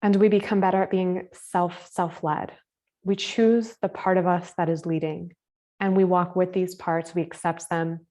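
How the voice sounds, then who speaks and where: A woman teaching a live online spiritual masterclass over a video call. She talks in a gentle, casual way with many filler words. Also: fairly low pitch, level tone, normal speed.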